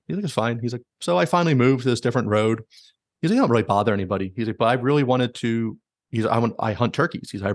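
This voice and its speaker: A man with a lowish voice tells a story rapidly, packing it with "likes" and quick quoted asides. He's a relaxed, chatty podcast host, and the sound is close and dry with no room echo.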